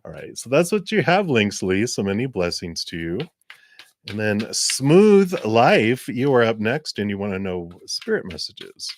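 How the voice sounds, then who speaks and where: A man giving live-streamed tarot readings in a gentle, encouraging way, rambling a little with fillers. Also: lowish voice, big pitch swings, measured pace, slight background noise. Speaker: tarot reader.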